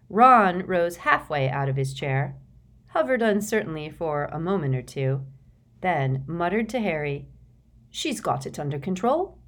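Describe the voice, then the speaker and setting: A woman narrating an audiobook with expressive, measured storytelling. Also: sits low.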